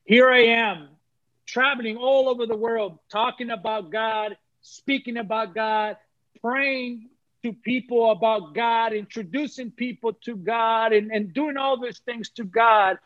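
Man, high voice, heartfelt testimony, preacherly repetition; dry, slightly muffled audio. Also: steady tone, a little slow, a bit bright, no room sound. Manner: earnest, preacherly, repeats phrases for emphasis. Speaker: guest sharing testimony. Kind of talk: emotional personal testimony.

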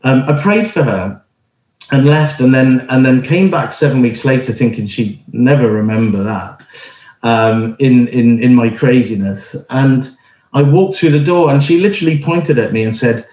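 A man's voice: mid-range voice, moderate pace, a little mellow. Middle-aged guy preaching casually, earnest, lots of ums and restarts, roomy echo. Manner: earnest, conversational, frequent fillers and restarts. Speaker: church planter and speaker. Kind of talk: informal sermon with personal story.

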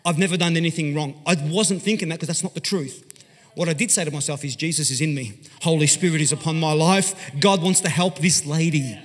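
An Australian pastor telling a story in an animated, conversational sermon, swinging from loud to hushed. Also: male voice, a little high, quick pace. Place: large church hall. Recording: long hall reverb.

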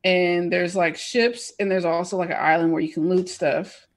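Gravelly-voiced woman in casual chat. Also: on the low side. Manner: animated, quick bursts, laughs often. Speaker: podcast co-host.

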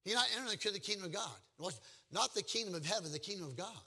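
A pastor in full sermon mode, a man with a high, bright, forceful voice. He preaches emphatically, moving between storytelling and joking asides to the congregation. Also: animated, very fast, slightly rough.

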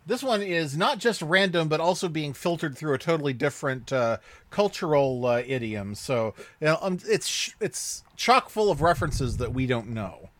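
A man co-hosting a podcast, explaining things in an animated, casual way. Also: a little high, normal speed, hardly any pauses, dry recording. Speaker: podcast co-host. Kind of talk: casual discussion.

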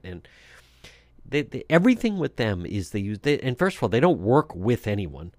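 A man's voice: on the low side, very animated, moderate pace, a little mellow, no echo. A man hosting talk radio, giving blunt, scornful political commentary with frequent fillers and restarts.

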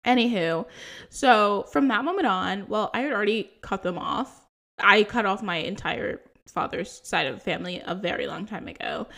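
A woman's voice: mid-range voice, normal speed, gravelly, a bit bright. A woman in her twenties hosting a podcast, telling personal stories in a chatty, laugh-filled way with lots of fillers. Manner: chatty, laughing often, full of likes and ums. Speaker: podcast host. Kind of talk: casual storytelling chat.

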